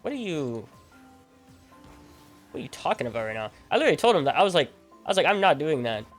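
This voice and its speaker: A young man streaming a game, telling a long story in a rambling, animated way with lots of fillers and restarts. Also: a little high, fast, faint music behind. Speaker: gaming streamer. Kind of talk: casual storytelling over gameplay. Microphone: desk microphone at a gaming setup.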